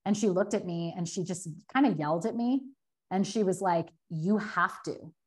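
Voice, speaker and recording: A woman in her thirties, a guest telling a candid personal story, earnest and quick, full of filler words. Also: medium pitch, warm tone. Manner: earnest, fast, many filler likes, acts out quotes.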